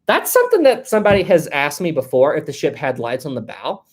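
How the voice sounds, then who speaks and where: A chatty live-stream host in a relaxed, joking mood, reading out comments from the chat. They laugh easily and think aloud with lots of fillers. The voice sits at an ordinary middle pitch. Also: brisk. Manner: chatty and jokey, laughs a lot.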